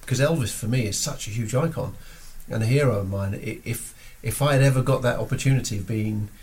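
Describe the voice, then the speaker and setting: A man's voice: mid-range voice, fairly quick, a little mellow, a little hiss or hum. A middle-aged man chatting bluntly on a podcast, swearing freely and rambling through anecdotes. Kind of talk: casual chat.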